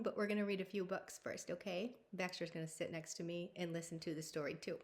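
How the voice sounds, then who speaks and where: A woman reading a picture book aloud to young children, gentle and patient. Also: medium pitch, moderate pace. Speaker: storytime reader.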